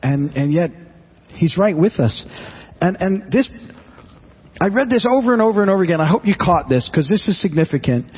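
A man's voice: high-pitched, lively intonation, a little fast, long pauses, breathy edge, dull audio. A man preaching a sermon in an earnest, conversational way, often restarting and repeating his words. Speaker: pastor.

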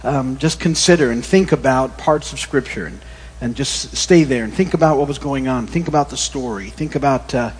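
A middle-aged male pastor giving a relaxed, conversational sermon that wanders into corny jokes. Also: medium pitch, normal speed, husky. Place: church. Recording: long reverb in a church hall.

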